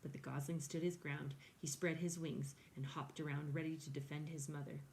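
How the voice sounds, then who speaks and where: A woman reading a children's novel aloud in a clear, steady storytelling manner. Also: low-pitched, normal speed, a little hiss or hum. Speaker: reader.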